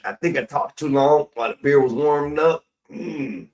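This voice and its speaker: A man's voice: fairly high pitch, moderate pace, a little mellow, poor audio. A man hosting a stream, rambling casually and profanely while drinking. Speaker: stream host. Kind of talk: casual rambling livestream chat.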